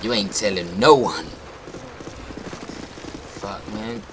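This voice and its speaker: A man doing a cocky, low-mumbling young gamer. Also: slow pace, noisy background. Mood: teasing. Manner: low, mumbled trash talk. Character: cocky young male gamer, teasing, laid-back. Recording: loud game gunfire behind. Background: video game gunfire.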